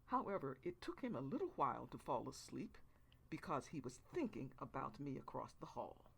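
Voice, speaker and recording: Woman narrating an audiobook, low pitch, gravelly voice, lively intonation, expressive. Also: moderate pace, a little hiss or hum. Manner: expressive first-person storytelling. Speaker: author reading her novel.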